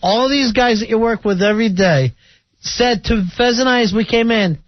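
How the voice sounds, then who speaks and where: A man's voice: very high-pitched, moderate pace, no echo. A man hosting a radio call-in show, needling his guest in studio banter. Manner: teasing, needling. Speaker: radio host. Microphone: studio mic. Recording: dull dry radio broadcast.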